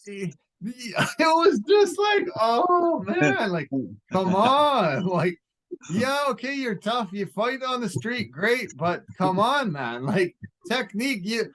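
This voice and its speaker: A man co-hosting a sports podcast in casual chat, animated and laughing, mimicking fighters as he talks. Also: extremely high pitch, slow pace.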